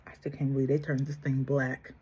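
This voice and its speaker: A woman with a husky, damaged voice, talking casually through a makeup tutorial and pushing herself to speak up. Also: very deep voice, flat delivery, fairly quick. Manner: soft-spoken, pushes herself to speak louder. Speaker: makeup vlogger.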